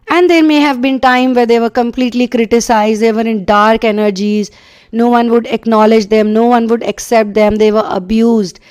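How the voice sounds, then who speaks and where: A woman's voice: fairly high pitch, darkish tone, clear, resonant tone. A woman giving a channeled spiritual reading, earnest and fond of repeating short phrases. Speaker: tarot and energy reader.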